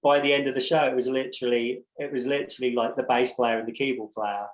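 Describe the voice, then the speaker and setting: A man's voice: mid-range voice, fast. Man, rambling storyteller, swears a lot, echoey room. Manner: rambling, profane, animated storyteller with many restarts. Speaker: podcast guest, musician. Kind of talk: casual anecdote telling.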